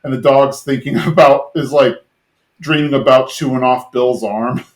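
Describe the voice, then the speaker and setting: A man's voice: medium pitch, moderate pace. Laid-back man recapping a show. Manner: rambling retelling full of "like" fillers, lightly mimicking characters' lines. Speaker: podcast host. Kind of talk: casual episode recap.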